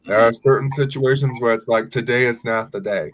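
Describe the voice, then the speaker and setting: A man's voice: medium pitch, fairly even intonation, fairly quick. A man co-hosting a casual radio show, speaking in a supportive, earnest way. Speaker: co-host.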